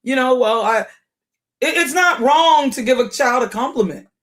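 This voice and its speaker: A woman's voice: sits high, lively intonation, normal speed. A woman hosting a casual commentary video, thinking aloud with many restarts and fillers, and at times reading a passage aloud. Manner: reads aloud from a search result on screen. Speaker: commentary channel host.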